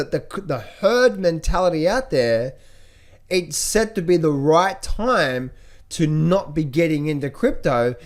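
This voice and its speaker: A man coaching viewers on trading in a casual, energetic talk, often repeating himself and restarting his sentences. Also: on the high side.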